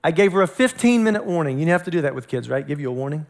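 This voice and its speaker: A male pastor with a notably high voice, preaching in a lively storytelling manner. He drops into acted voices and quotes, then returns to direct exhortation. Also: racing, creaky, hardly any pauses. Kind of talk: sermon.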